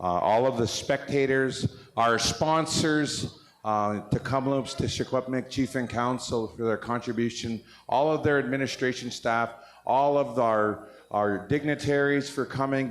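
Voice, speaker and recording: A man with a mid-pitched voice gives closing announcements at an outdoor event. He halts often with fillers and speaks around a piece of gum. His delivery is plain and unhurried. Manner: halting, many "uh" fillers, chewing gum. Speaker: powwow organizer and announcer. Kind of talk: announcements and thank-yous.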